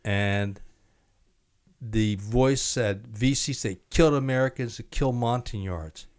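A man's voice: mid-range voice, slow. A man hosting a podcast, prompting his guest with short questions and replies. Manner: brief back-channel replies and prompting questions. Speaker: podcast host. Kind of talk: casual interview.

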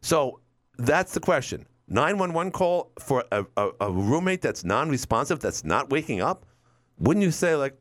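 A man's voice: medium pitch, sing-song, moderate pace. A middle-aged man hosting a call-in radio talk show, rambling through stories and acting out quotes. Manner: rambling storyteller, acts out quotes.

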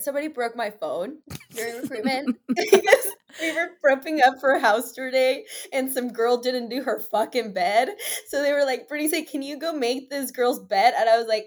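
A woman in her twenties in casual chat, blunt and profane, quick to laugh. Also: a little high.

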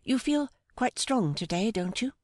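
A woman reading the part of a gentle, timid young woman, speaking softly and hesitantly with deep affection. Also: expressive, measured pace, no echo, studio quality. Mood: tender. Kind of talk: audiobook dialogue reading.

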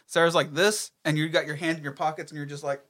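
A man's voice: fairly high pitch, steady tone, quick pace, a bit bright. A young man who officiated a friend's wedding, joking and laughing in a casual chat.

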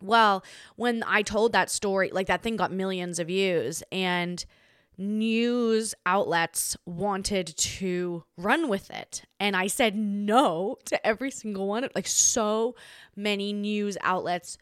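This young podcast host speaks slowly in a clean tone, recorded at studio quality with no room sound. Her casual storytelling monologue is chatty and animated, thick with fillers, "like"s, and restarts, and she shifts into playful voices with big pitch jumps for quotes.

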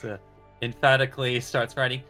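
A woman's voice: a bass voice, level tone, moderate pace, a bit bright, faint music behind. A woman playing in a tabletop game, describing her character's actions hesitantly with many fillers. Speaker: player. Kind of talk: tabletop role-play chat.

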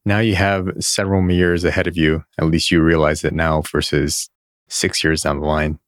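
A man co-hosting a podcast, calm and supportive, closing out the episode in casual chat. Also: extremely low pitch, moderate pace, dry recording, clean studio sound. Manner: calm, supportive, wraps up the show. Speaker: podcast co-host.

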